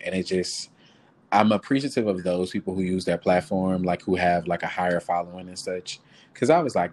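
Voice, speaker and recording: A man's voice: deep voice, normal speed, long pauses, a little mellow. A man co-hosting a podcast in casual chat, candid, swearing freely and laughing often. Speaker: podcast co-host.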